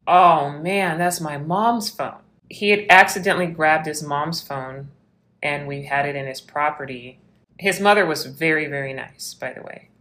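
A woman's voice: deep voice, a bit bright. A woman police officer telling a story from her work in an interview, acting out the quoted lines.

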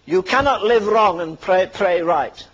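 A man's voice: sits high, unhurried, a bit bright, highs cut off, slight background noise. An older man preaching a fervent sermon, firing punchy rhetorical questions and dropping dry asides between warnings.

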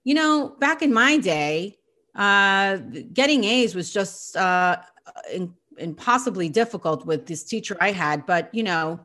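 A woman's voice: medium pitch, lively intonation, a little slow, pushed and bright. A woman voicing a self-centered middle-aged father who brushes off his child's news and brags about his own past. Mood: boastful.

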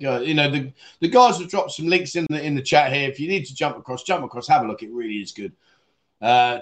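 A man hosting a casual livestream and reading out viewer comments, rambling, laughing often and calling viewers mate. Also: fairly high pitch. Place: Pattaya, Thailand.

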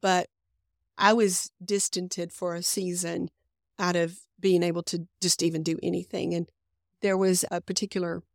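A woman's voice: on the low side, little pitch movement, moderate pace, vocal fry, dry recording, studio quality. A middle-aged woman guest sharing a personal faith testimony in earnest conversational storytelling, acting out her own past thoughts. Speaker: podcast guest.

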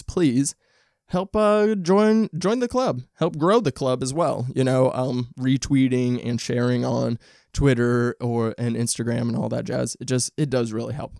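A male podcast host chats on his own at home in a loose, rambling way, swearing freely and restarting his sentences. His voice is gravelly and his throat sounds dry and rough. The sound is close and dry, with no room echo. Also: medium pitch, a little mellow. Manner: rambling, candid and profane, with frequent restarts. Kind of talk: casual solo podcast chat.

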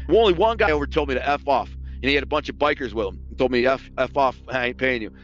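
A man's voice: mid-range voice, fast talker, few pauses, highs cut off, soft background music. A man telling his past in casual spoken storytelling. He talks bluntly, swears, and acts out the dialogue he quotes.

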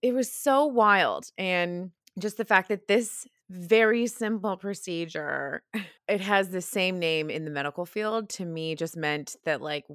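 A woman in her thirties hosts her own podcast and shares a personal story candidly, breaking into laughter again and again. Her voice sits a little low for a woman. It sounds close and dry, with no room echo. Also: measured pace, a bit bright. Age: 30s. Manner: frank and confessional, laughs often. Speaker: podcast host.

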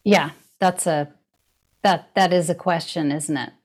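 A woman's voice: on the low side, unhurried, slightly rough. A middle-aged woman in casual conversation, speaking thoughtfully and laughing easily. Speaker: guest.

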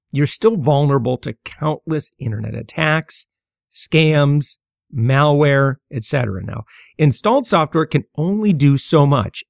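A man's voice: mid-range voice, gravelly, no echo, clean studio sound. A middle-aged man hosting a casual solo podcast, talking with many fillers, stammers and restarts. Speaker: podcast host.

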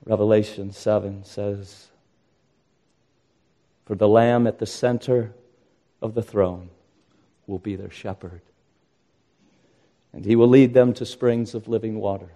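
A man's voice: lowish voice, steady tone, a little slow, long pauses, mellow. An older man preaching a sermon as pastor, earnest and rising to impassioned emphasis.

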